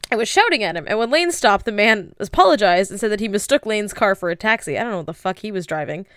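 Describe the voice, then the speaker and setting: A woman co-hosting a podcast, telling stories in an animated, profane way. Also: medium pitch, a little fast, clear, resonant tone, dry recording. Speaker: podcast co-host. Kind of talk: casual podcast chat. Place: lives in New York City.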